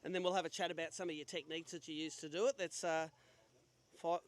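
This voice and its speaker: This fishing tournament host speaks very fast in a steady tone, his voice on the high side. Working an outdoor weigh-in stage at a sailing club, he's upbeat and jokey as he hosts live and grabs quick interviews.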